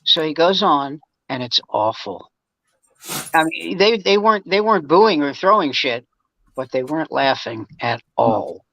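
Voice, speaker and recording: A man's voice: fairly high pitch, lively intonation, a little slow, bright, forceful tone, slight background noise, low-quality recording. Man telling rambling comedy stories. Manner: rambling anecdotes with frequent restarts. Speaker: guest comedian. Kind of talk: casual storytelling chat.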